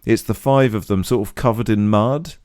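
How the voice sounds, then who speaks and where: A man co-hosting a podcast in a casual chat, his voice croaky from too much singing, wry and rambling with self-deprecating asides. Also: lowish voice, steady tone, moderate pace, darkish tone, no room sound, studio quality. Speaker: podcast co-host.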